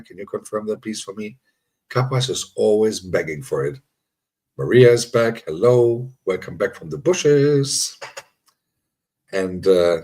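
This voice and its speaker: A man with a low, husky voice chats casually with his live audience. He teases them, laughs a lot and circles back over the same lines as he goes. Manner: teasing, laughs often, repeats himself. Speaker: livestream host. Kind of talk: casual chat with live viewers.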